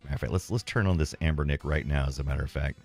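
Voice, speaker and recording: A deep-voiced man chats loosely with his live-stream viewers, rambling and poking fun at himself as he plays. Faint music runs quietly underneath. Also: very fast. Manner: rambling, self-deprecating, talks to chat while playing. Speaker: streamer playing retro games.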